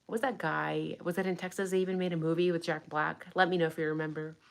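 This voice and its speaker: Casting note: young adult woman, slightly low voice, blunt and sarcastic true crime streamer who swears. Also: steady tone, quick pace, gravelly. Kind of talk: casual livestream commentary.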